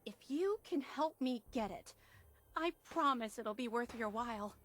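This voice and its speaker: A woman voicing an eager female collector obsessed with a soft drink, speaking with bubbly enthusiasm in video game dialogue. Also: animated, unhurried, slight background noise. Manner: enthusiastic, bubbly sales pitch.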